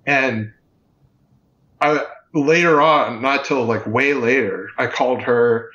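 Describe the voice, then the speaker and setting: A man's voice: mid-range voice, fairly bright tone. Man telling a dramatic story, muffled. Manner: vivid, detailed recounting with quick restarts. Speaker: podcast guest. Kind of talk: personal storytelling.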